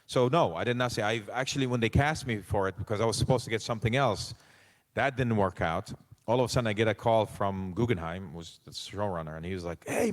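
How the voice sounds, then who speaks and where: A man telling lively stories as a guest on a convention panel, acting out the voices of the people he quotes and swearing casually. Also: mid-range voice. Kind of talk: animated storytelling. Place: convention hall stage. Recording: long hall reverb.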